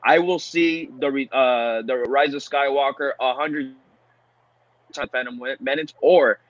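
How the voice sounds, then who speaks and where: A man's voice: medium pitch, fairly even intonation, measured pace, dry recording. A man in a casual chat, arguing his point emphatically. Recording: dull lo-fi audio.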